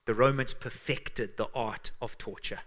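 A man with a Zimbabwean accent preaching a sermon as pastor, earnest and emphatic, dropping to hushed tones for weight. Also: medium pitch, steady tone, measured pace.

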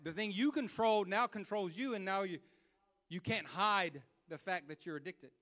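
A man preaching a sermon, impassioned and colloquial, repeating phrases as he builds to loud fervor. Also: high-pitched, normal speed. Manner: colloquial, with slips and restarts.

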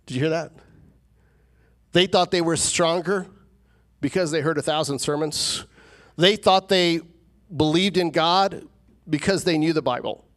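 Man, pastor, sermon, animated preaching, emphatic peaks, slightly high voice. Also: unhurried, pauses often.

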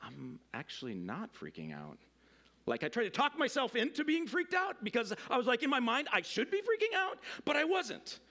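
A middle-aged man preaches a sermon in a high, light voice. He talks to his congregation like a friend, rambling a little, restarting sentences and filling gaps with "like" and "you know.". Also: very animated, brisk, hardly any pauses, pushed and bright. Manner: conversational, rambling with many fillers and restarts. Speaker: pastor.

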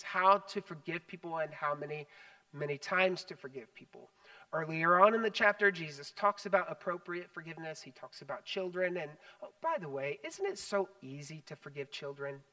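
A man preaching a sermon as pastor, animated, swinging between loud emphasis and hushed asides. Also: high-pitched, recorded from a distance, poor audio. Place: church sanctuary.

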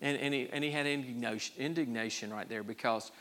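A man's voice: mid-range voice, fast talker, a bit bright. A man, preaching a sermon in a folksy, conversational way, often restarting his words. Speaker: pastor.

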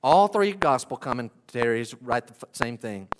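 A man preaching an expository sermon as a pastor, reading scripture with animated emphasis. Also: mid-range voice, normal speed. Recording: echoey hall with clear background noise.

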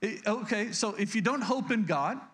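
A pastor preaching a sermon, earnest and repeating key lines for emphasis, with frequent restarts. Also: male voice, high-pitched, animated, moderate pace, fairly bright tone.

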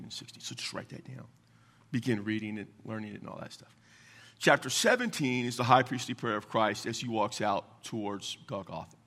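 A man preaching a sermon as a Baptist pastor, teaching from scripture in an emphatic, conversational way with the odd chuckle. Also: medium pitch. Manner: emphatic, animated, chuckles between points.

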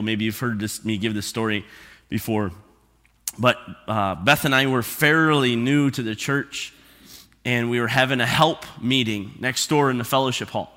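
A man's voice: mid-range voice, sharp tone. A man preaching a sermon to his congregation, conversational and full of rhetorical questions. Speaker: pastor. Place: church sanctuary. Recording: reverberant church hall.

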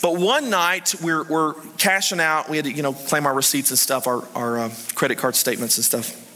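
Bright-voiced pastor in a reverberant hall. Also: male voice, on the high side, fairly quick, a little hiss or hum. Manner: animated storytelling, swings between hushed and excited. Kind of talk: sermon.

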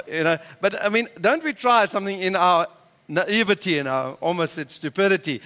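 A man's voice: sits high, a bit bright. A man, a pastor preaching a passionate, emphatic sermon in church. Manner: passionate, emphatic, repeats words when building up. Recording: reverberant church hall.

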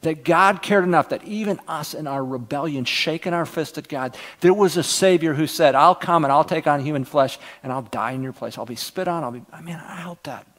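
Middle-aged male pastor, somewhat high voice, earnest sermon delivery with hushed passages. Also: fairly quick, hardly any pauses. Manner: earnest, swings from loud emphasis to near-whispers.

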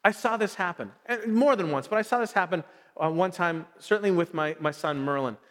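A middle-aged man preaching a sermon, telling stories in an animated way and acting out his son's voice. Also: sits high, fairly quick. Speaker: pastor. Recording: long hall reverb.

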